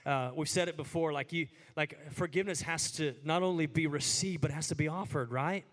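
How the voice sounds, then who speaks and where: A pastor delivers a sermon in a brisk, conversational style, peppering his speech with "like" and rising to high, emphatic peaks.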